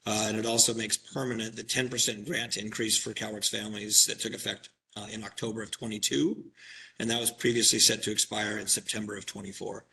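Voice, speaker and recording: Bright-voiced man reporting at a meeting. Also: on the low side, flat delivery, distant mic, rough recording. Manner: measured, with frequent fillers and throat-clearing. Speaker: executive director giving a report. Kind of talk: formal report at a public commission meeting. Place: public meeting chamber.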